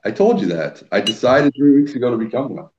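Quebec man, host, playful ribbing, mid pitch, muffled lo-fi stream sound. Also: lively intonation, fast talker, a little mellow, slight background noise. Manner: teasing, jokey, reads out viewer names. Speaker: host of a live whisky stream. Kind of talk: casual live-stream banter.

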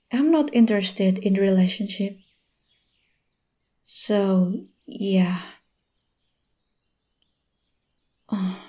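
A woman voicing a lonely, guarded young woman in an audio role-play, speaking very slowly in a mellow, warm tone. She hesitates and stammers, and faint crickets chirp behind her. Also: medium pitch, natural voice. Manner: hesitant, stammering, soft-spoken. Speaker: voice actor.

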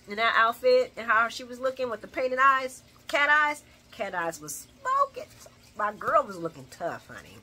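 A woman's voice: mid-range voice, very animated, moderate pace, pushed and bright, slightly rough. A woman recapping a soap opera in casual chat, sassy and opinionated, laughing often as she talks.

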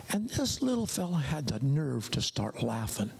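A man's voice: moderate pace, creaky, hardly any pauses, husky. Older preacher telling his story animatedly. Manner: animated storytelling, big pitch swings. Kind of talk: sermon testimony.

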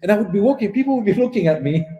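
A Belgian man in his forties giving a religious lesson, telling personal stories in a lively anecdotal way. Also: high-pitched, rapid-fire. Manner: warm anecdotal storytelling with laughs and acted dialogue. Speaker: Islamic teacher. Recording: echoey hall.

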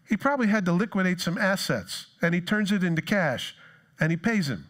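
A man preaching a sermon in a church, animated, acting out the voices of people in the story. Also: high voice, a little fast. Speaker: pastor.

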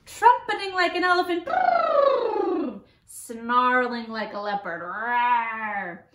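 A children's librarian, a woman, reading a picture book aloud to children in an animated, playful way and inviting them to join in. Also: high voice, normal speed, background noise. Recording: roomy echo.

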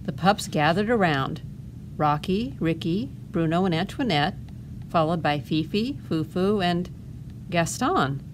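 At a family storytime, a woman librarian reads a picture book aloud in a fairly low voice with lively intonation. She often pauses for gentle asides to the children, and a faint hiss runs beneath the recording.

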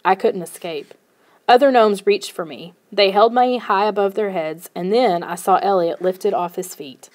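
A woman narrating a first-person children's novel in a steady storytelling manner. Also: mid-range voice, moderate pace. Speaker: audiobook narrator.

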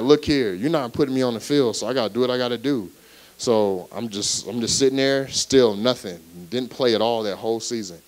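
A young man gives a preached personal testimony at a church service. He talks casually, then repeats key phrases and builds them into loud, emphatic exclamations. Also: fairly low pitch, rough recording. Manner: conversational asides and chuckles. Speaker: guest speaker at a church service. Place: church service before a live congregation.

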